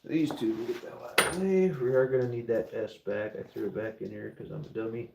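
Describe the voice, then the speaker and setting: A man's voice: medium pitch, steady tone, brisk, vocal fry, background noise. A middle-aged man chatting casually to camera while stamping a silver bar, joking and talking to his dog as he works.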